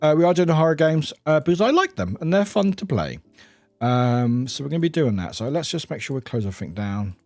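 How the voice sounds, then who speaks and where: A man from the UK chatting casually with viewers on a live stream as he plays a word game, upbeat and quick to greet people. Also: fairly high pitch, sing-song, darkish tone, no echo, soft background music. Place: home room with a cat nearby.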